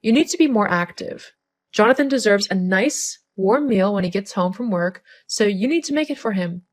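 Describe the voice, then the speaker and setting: A woman's voice: medium pitch, lively intonation, moderate pace, natural voice. Woman voicing a bossy nagging mother-in-law. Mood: scolding. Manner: condescending, nagging. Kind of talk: scripted story narration.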